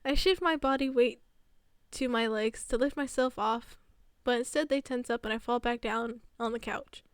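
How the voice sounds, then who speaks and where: A woman streamer reading a visual novel aloud on stream, animated and easily flustered. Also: fairly high pitch, normal speed, no room sound, studio quality.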